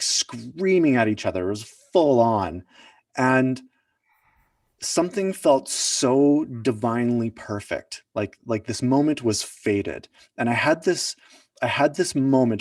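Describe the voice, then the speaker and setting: A man's voice: medium pitch, darkish tone, no room sound, clean studio sound, distant mic. A man, the founder of a project, telling a personal story in an earnest, reflective way, often searching for words. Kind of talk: personal storytelling at an online summit.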